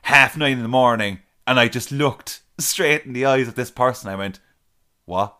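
Young Irish man, casual chat, relaxed, full of "like", mid-pitched voice. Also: normal speed, clean tone. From Ireland. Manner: relaxed, swearing, lots of "like". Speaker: podcast co-host.

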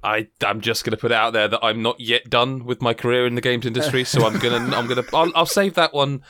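A man hosting a casual podcast, animated and laughing, often breaking off mid-sentence. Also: mid-range voice, fast talker, a little hiss or hum. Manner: animated, laughing, self-interrupting. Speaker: podcast host.

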